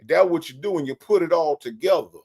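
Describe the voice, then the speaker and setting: A man's voice: a little high, vocal fry, a little mellow, husky. A man putting on a bossy drawling overseer. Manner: slow drawling commands. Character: older male plantation overseer, bossy drawling.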